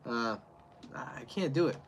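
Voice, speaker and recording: A man's voice: mid-range voice, lively intonation, moderate pace, noisy background. A man with a Canadian accent, chatting casually and hesitantly as he reviews a beer on a livestream. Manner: rambling, hesitant, chuckling.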